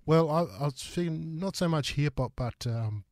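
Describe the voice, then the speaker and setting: Breathless, halting Australian radio host man. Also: a little high, expressive, darkish tone, dry recording, studio quality. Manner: halting, many filler sounds. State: a bit out of breath. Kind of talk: hosting a radio music show. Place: radio studio.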